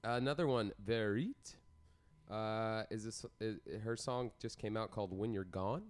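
A man with a low, smooth and clear voice talks through new music releases in a loose, rambling way. He jokes often and keeps filling the pauses with "uh" and "um". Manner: rambling, jokey, many fillers. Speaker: podcast co-host. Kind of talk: casual music chat.

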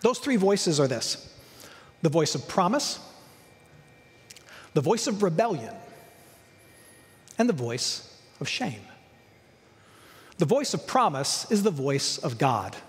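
A man's voice: fairly high pitch, big pitch swings, slow, long pauses, big-room sound. A male pastor preaching a sermon, emphatic, with repeated lists and rhetorical questions.

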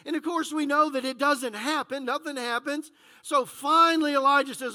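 A man's voice: very high-pitched, animated, brisk, bright, forceful tone. A man preaching a conversational sermon as pastor, full of "uh, you know" fillers.

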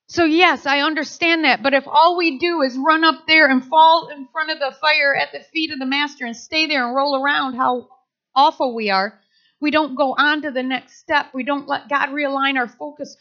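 A woman's voice: high voice, moderate pace, lo-fi sound. A woman preaching a sermon, telling stories animatedly and acting out quotes. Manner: animated storytelling with acted quotes.

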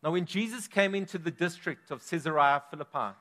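A man's voice: on the high side, a little fast, bright, forceful tone. A man preaching a sermon as pastor, emphatic, with his volume swelling and dropping. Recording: long reverb of a large hall.

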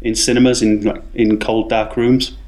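A man's voice: lowish voice, flat delivery, moderate pace, a little mellow. A man co-hosting a casual comedic podcast, chatty and giggly, rambling with fillers while he runs through the news. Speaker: podcast co-host, news segment.

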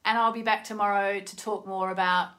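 A woman hosting a casual live-stream card reading, chatty and effusive, reacting emotionally aloud and drifting between soft near-whispers and excited exclamations. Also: medium pitch, fairly quick. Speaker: oracle card reader and host.

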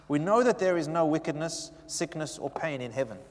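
Male preacher, a touch high, chatty sermon delivery with questions to the room, heard in a long echoing church hall. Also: fairly quick, hardly any pauses. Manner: animated, conversational, asks the congregation questions. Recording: long echoey reverb of a hall.

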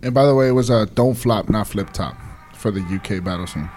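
A man's voice: on the low side, brisk, darkish tone, a little hiss or hum. A man co-hosting a casual podcast, chiming in often. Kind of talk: casual chat.

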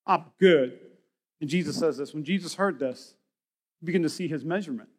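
High-voiced pastor preaching in an echoing hall. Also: male voice, quick pace, slightly rough. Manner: energetic, shouting bursts, storytelling with acted-out dialogue. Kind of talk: sermon. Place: large church hall. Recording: reverberant church hall.

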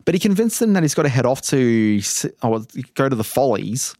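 A man co-hosting a casual podcast chat, animated and laughing often as he recaps an episode. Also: brisk, no echo, clean studio sound. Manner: animated, laughs often, lively pitch swings. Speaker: podcast co-host.

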